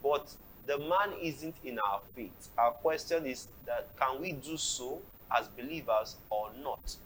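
A man's voice: medium pitch, lively intonation, measured pace, fairly bright tone, a little hiss or hum, low-quality recording. Man reading viewer questions aloud.

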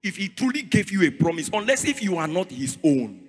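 A man with a Nigerian accent preaching a sermon in a sing-song cadence that rises to shouts. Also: high-pitched, big pitch swings, fairly quick, breathy edge. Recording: reverberant hall with faint music.

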